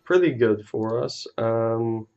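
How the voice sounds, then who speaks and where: A man's voice: mid-range voice, slow, darkish tone, lo-fi sound, soft background music. A man casually talking through a card game on a live stream, laid-back and easily amused, with casual swearing.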